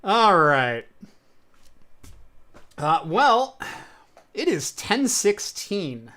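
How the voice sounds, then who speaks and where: A man hosts a relaxed tech podcast in a bright, forward voice. He rambles through jokes and show plugs in loose, easygoing chat. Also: high-pitched, very slow. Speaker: podcast host.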